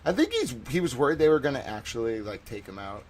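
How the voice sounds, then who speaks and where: A man hosting a livestream, talking casually in a rambling, digressive way, swinging between loud outbursts and quiet muttered asides, often profane and sarcastic. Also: medium pitch, wildly swooping pitch, quick pace. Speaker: livestream host.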